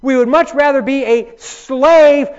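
A man acting out a frightened crowd of people complaining in a high, wailing voice. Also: unhurried, a little mellow, muffled recording.

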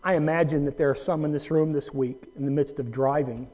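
A man preaching a sermon as pastor, dramatic, moving from hushed, low-volume lines to loud, raised emphasis. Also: steady tone, a little fast, lo-fi sound. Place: church sanctuary.

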